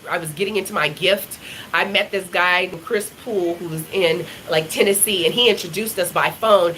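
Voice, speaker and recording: A woman's voice: a little high, a bit bright, slight background noise, rough recording. A middle-aged woman minister telling her testimony and prophesying, acting out the voices of the people in her story.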